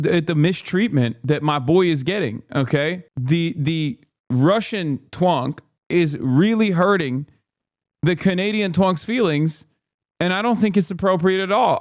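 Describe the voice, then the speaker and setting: Casual stream host, man, higher-pitched, rambling and animated, close dry mic. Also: no echo. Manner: rambling, animated, swings from mumbling to loud exasperation.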